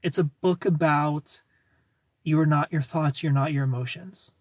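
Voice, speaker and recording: His voice leans high, steady in tone and normal in speed, with a little hiss or hum behind it. The livestream host, a thirtysomething from outside the United States, casually rambles through viewer comments, restarting and laughing lightly.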